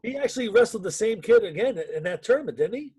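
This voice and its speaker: A man's voice: high-pitched, animated, fast, darkish tone, husky. A man, a youth wrestling coach, recalling past matches in an earnest, reflective way. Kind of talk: casual podcast interview.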